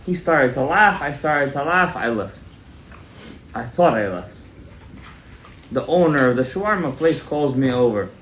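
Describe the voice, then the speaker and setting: A male rabbi telling a story in a Torah class, animated and joking, mixing in Hebrew terms. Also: medium pitch, a little slow, pauses often, slight background noise. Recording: echoey room, faint background.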